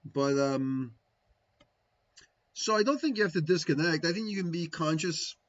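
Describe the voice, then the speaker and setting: A man's voice: a little high, expressive, normal speed. Rambling man with muffled lo-fi sound. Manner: rambling, frequent "right?" tags, musing. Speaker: spiritual teacher answering viewers. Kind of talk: casual livestream talk.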